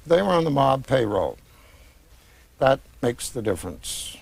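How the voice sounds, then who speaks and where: An author in his sixties answers questions at an easy, wandering pace. He stops and restarts often as he recalls names and dates, filling gaps with soft hesitations. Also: medium pitch, very animated, gravelly, breathy edge, dry recording. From United States. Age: 60s. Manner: reflective, meandering with many pauses and restarts. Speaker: author interviewed about his books. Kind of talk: conversational interview.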